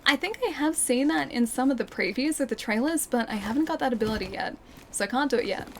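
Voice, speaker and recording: A young woman streaming a game and chatting with viewers, speaking clearly with a slight lisp from her retainers. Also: sits high, expressive, fast, a little hiss or hum. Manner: clear, well-enunciated speech. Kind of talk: casual live-stream gameplay chat. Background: game music.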